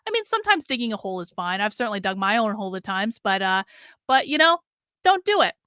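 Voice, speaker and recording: A woman's voice: mid-range voice, sing-song, fast talker, bright, forceful tone, no room sound, clean studio sound. A woman hosting a livestream, talking bluntly and conversationally with lots of fillers as she reads out chat comments. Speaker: livestream host.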